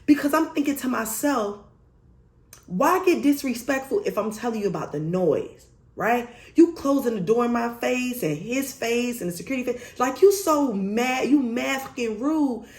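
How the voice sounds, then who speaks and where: Young woman, storytime vlog, animated and emphatic, echoey room. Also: a little high, moderate pace. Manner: animated, emphatic, swears freely. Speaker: vlogger. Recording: roomy echo.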